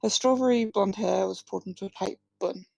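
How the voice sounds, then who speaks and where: Female author, live reading of her own fiction, very gravelly dark tone, dry close sound. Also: medium pitch, fairly quick, dry recording, poor audio. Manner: plain reading with slips and restarts, few distinct character voices.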